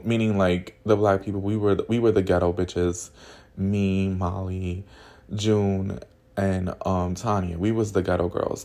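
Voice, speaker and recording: A man hosting a podcast, telling a story in a gossipy, profane, animated way. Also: on the low side, vocal fry. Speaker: podcast host. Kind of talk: casual storytelling.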